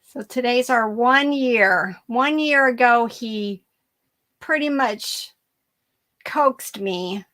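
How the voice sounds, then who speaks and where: A woman hosting a live reselling stream, chatting casually in an upbeat, repetitive way. Her voice sits fairly high and her pace is slow and unhurried. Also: a bit bright. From Germany. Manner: chatty, upbeat, repeats phrases. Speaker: reseller channel host.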